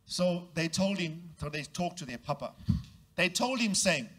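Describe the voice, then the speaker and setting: A pastor's sermon comes in an expressive, unhurried, slightly bright voice as he gets his congregation to echo phrases. When quoting people in the story, he performs their voices with large swings in pitch.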